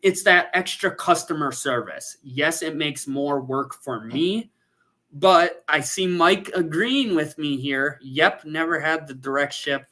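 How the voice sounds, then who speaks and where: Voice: medium pitch, a little slow, pushed and bright. A photographer hosting a casual livestream, chatting and reading out viewer comments.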